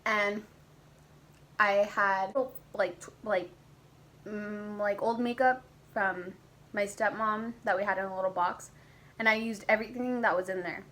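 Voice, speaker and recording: A young woman talking straight to her camera at home, telling a personal story in a loose, chatty way. Her pitch sits in the middle and her delivery is lively, with casual swearing and sudden squeaky impressions of herself. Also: unhurried, long pauses, low-quality recording. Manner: animated, swearing, acts out her past self in high squeaky voices. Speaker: vlogger.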